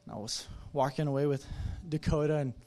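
A man's voice: a little high, a little fast, darkish tone. A man with a Texan accent preaching a sermon in a church, telling a story with quoted dialogue and then leading an earnest altar call. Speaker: pastor. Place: church sanctuary.

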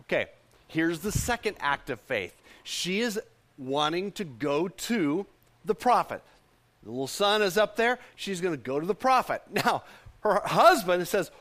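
Man, pastor, sermon, high voice, expressive swings, call-and-response. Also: moderate pace. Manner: animated, repeats lines for the congregation to echo.

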